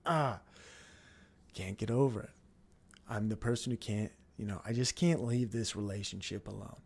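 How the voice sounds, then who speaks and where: A man's voice: fairly low pitch, moderate pace. A man hosting his own podcast, ranting in a casual, rambling way and swearing often as he gets worked up. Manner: agitated, profane, rambling. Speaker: podcast host. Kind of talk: casual solo podcast rant. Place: home, seated at a computer on a dining chair.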